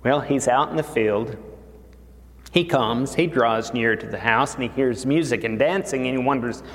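A man's voice: medium pitch, moderate pace, slight background noise. A man preaching a sermon, retelling a parable in a dramatic storytelling manner. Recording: long reverb of a large hall.

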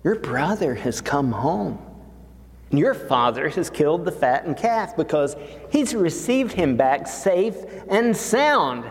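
A man's voice: on the high side, big pitch swings, slow, voice pushed up, full character voice. A man voicing a household servant who reports news plainly, in a reverberant hall. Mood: reporting. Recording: long reverb of a large hall.

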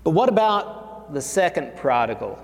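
A man's voice: fairly high pitch, very animated, moderate pace. A man preaching a sermon, retelling a parable in a dramatic storytelling manner. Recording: long reverb of a large hall.

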